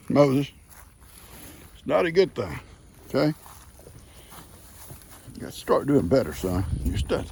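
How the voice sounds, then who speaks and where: An older man with a gravelly, expressive voice whose pitch swings widely. He chats casually outdoors on his farm. He scolds his livestock fondly and calls out to them loudly in a high voice, with faint noise in the background. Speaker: farmer. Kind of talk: casual farm vlog, talking to animals.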